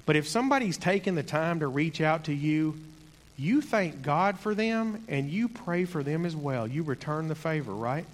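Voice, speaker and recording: A man giving a sermon in an earnest, conversational way, slowing down to stress key points. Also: a little high, lively intonation, long reverb tail. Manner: earnest, conversational, slows for emphasis. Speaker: preacher.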